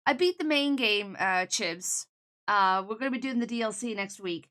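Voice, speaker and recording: Bright-voiced woman streamer chatting. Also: medium pitch, expressive, moderate pace. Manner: chatty, talking to viewers. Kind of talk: casual gameplay commentary.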